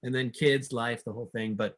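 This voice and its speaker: A man's voice: mid-range voice, fairly even intonation, a little fast, crowd noise. A man on a podcast who talks casually and rambles a little as he reminisces. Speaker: podcast guest and early regular.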